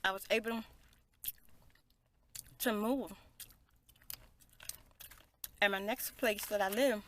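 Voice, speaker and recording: A woman's voice: medium pitch, fairly even intonation, takes it slowly, a bit bright, slight background noise. A middle-aged woman hosting a storytime, talking casually in a rambling, conversational way. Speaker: ASMR storytime host.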